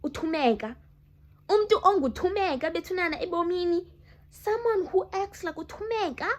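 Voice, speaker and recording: A woman's voice: extremely high pitch, moderate pace. A young woman, chatting emphatically to her viewers in a vlog. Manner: emphatic, animated, addresses viewers as guys. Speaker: vlogger. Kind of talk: casual chat to camera.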